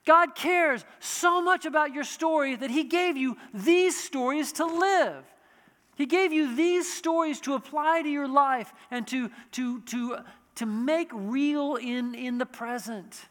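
A man's voice: extremely high pitch, slow pace, fairly bright tone, long reverb tail. A man preaching a sermon in a conversational way, with frequent restarts and asides. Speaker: pastor.

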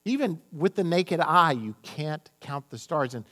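A man's voice: a little high, animated, a little slow, fairly bright tone, soft background music. A man preaching a sermon, reading scripture dramatically and speaking animatedly to his congregation. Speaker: pastor.

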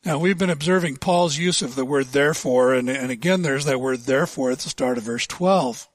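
A male pastor preaching a sermon, asking rhetorical questions with deliberate emphasis. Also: medium pitch, no echo.

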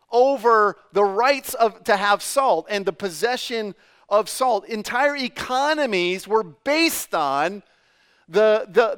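Pastor guy from new england, high smooth voice, chatty sermon w lots of uhs and questions to the folks. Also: fairly bright tone. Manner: conversational, many fillers and restarts, asks the congregation questions.

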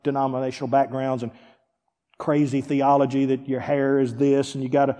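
A pastor preaching a sermon, swinging from hushed, quiet lines to near-shouted ones. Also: male voice, mid-range voice, flat delivery, fairly quick. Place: church sanctuary. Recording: long reverb of a large hall.

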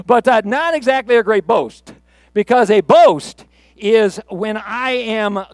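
A man's voice: sits high, measured pace, dry recording. A middle-aged man preaching a sermon in a conversational, playful way that builds to rousing emphasis. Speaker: pastor.

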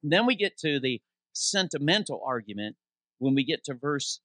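A man preaching as interim pastor in a church, reading scripture slowly for emphasis and posing questions to the congregation before answering them himself. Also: medium pitch, dry recording. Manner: animated preaching, reads scripture aloud with slowed emphasis. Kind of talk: sermon. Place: church sanctuary.

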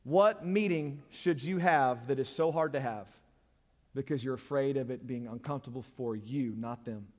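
A man's voice: medium pitch, moderate pace. Blunt preaching man in a reverberant church. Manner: blunt, straightforward preaching that swings from loud to hushed. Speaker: pastor. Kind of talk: sermon. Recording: long reverb of a church hall.

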